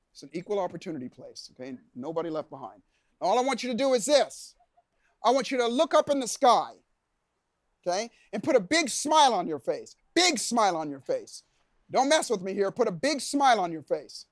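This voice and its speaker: A man giving a motivational seminar talk to a live audience, telling stories with acted-out shouts and gasps and coaxing the crowd to join in. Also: high voice, no room sound. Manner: animated storyteller, acts out shouts and gasps, coaxes audience. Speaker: keynote speaker. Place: event lounge before a live audience.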